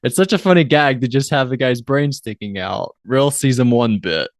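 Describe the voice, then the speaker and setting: A man in his twenties co-hosting a podcast, chatting casually with quick, joking banter and some swearing. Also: medium pitch, no room sound, clean studio sound. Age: 20s. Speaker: podcast co-host. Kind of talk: casual chat.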